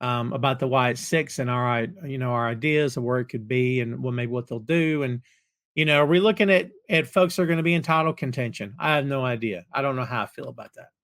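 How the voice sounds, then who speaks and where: A man hosting a live chat show, talking in an animated, rambling way with folksy slang and chuckles as he reads viewer comments. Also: medium pitch, a little fast. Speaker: podcast host.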